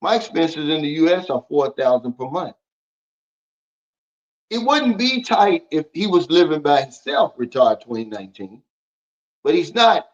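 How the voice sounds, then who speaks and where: In this lo-fi clip with dull audio, a man hosts a casual livestream and bluntly lectures viewers while answering their comments. His voice is a little high for a man, with lively intonation and an unhurried pace.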